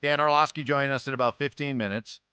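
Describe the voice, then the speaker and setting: A man hosting morning sports talk radio, chatting in an animated, conversational way. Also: mid-range voice, fast talker, clean tone, dry recording. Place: radio studio.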